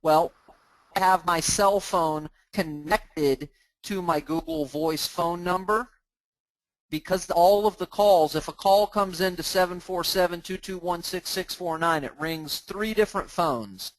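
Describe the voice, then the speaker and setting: A man hosting a live training, talking casually as he clicks through software on his screen and restarting words now and then. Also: high voice, a little slow, dry recording, rough recording. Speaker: host of a mortgage training group.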